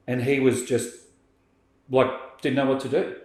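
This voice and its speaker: A man, a podcast guest telling a story in lively conversation and acting out what people said. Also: medium pitch, fairly quick. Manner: animated, acts out quoted speech. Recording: roomy echo.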